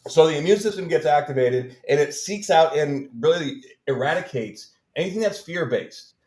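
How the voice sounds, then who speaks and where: A man's voice: a little high, lively intonation, normal speed, a little mellow. A man earnestly explaining a healing practice in casual interview talk, often checking in with "right?". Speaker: guest healer. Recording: roomy echo.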